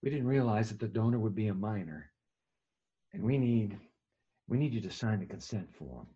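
A man doing a grave, hushed old doctor. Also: expressive, moderate pace, husky, dull audio. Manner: low, hushed, solemn pleading. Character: grave gray-haired old male doctor.

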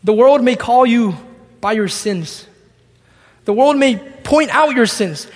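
High-voiced man preaching in a reverberant hall. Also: expressive, slow. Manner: expository, reads scripture and acts out the dialogue. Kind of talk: sermon.

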